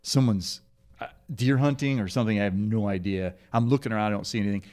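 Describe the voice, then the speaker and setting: A man's voice: on the low side, fast talker. A father in a casual podcast chat, telling a family story with laughter and restarts. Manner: animated storyteller who laughs easily. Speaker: parent guest.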